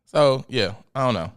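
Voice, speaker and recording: A podcast host with a medium-pitched, fairly bright voice rants alone on a casual show. He's blunt, profane and joking, and turns mock-preachy when he addresses God.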